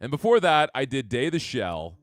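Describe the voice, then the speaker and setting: A man's voice: medium pitch, big pitch swings, fairly quick, no echo, clean studio sound. A young man streaming a game live, chatting upbeat and casually with his viewers while he plays. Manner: upbeat, chatty, talks to chat. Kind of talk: live gameplay commentary.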